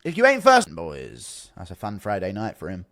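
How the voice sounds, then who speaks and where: A man's voice: fairly low pitch, huge pitch swings, normal speed, a bit bright, no room sound, studio quality. A man streaming casually, reading out donations and joking in a wry, offhand way. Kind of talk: casual live-stream commentary.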